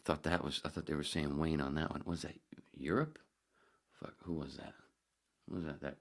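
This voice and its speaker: A man with a deep, low-pitched voice hosts his own podcast, chatting loosely from topic to topic. He swears often and drifts into quiet muttered asides. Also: steady tone, moderate pace, creaky. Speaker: podcast host. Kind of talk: casual solo podcast chat.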